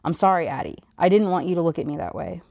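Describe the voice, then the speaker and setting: A woman's voice: fairly low pitch, fast, vocal fry, highs cut off. A woman reading as a weary, grieving young man. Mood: confessional.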